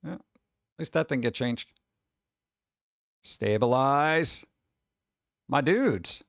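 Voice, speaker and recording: This livestream host talks slowly yet animatedly in a mid-range, slightly bright voice with vocal fry. He rambles while chatting with his viewers, exclaiming and grumbling at his connection, and the recording is dry.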